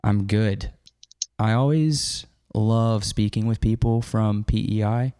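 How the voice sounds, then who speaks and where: A man's voice: lowish voice, fairly even intonation, takes it slowly, dark tone, clean tone, no echo, clean studio sound. A man in his thirties hosting a podcast, chatting loosely and swearing now and then. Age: 30s. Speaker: podcast host. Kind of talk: casual chat.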